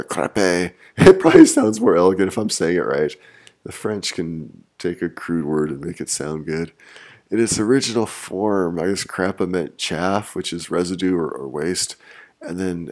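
Middle-aged man, very low voice, gravelly, casual rambling monologue, wry, restarts a lot. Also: animated, measured pace, darkish tone. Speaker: channel host.

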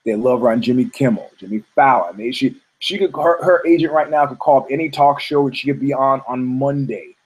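A man's voice: mid-range voice, fairly quick, hardly any pauses, darkish tone, husky, low-quality recording. Rambling, profane male storyteller. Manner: rambling, profane, many restarts. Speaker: host.

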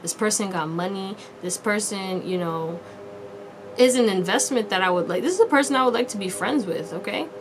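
A woman's voice: medium pitch, a little fast. Woman, tarot reader, casual slangy talk, laughs a lot, noise in the background. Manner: chatty, slangy and animated, laughs often. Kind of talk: casual pick-a-card tarot reading.

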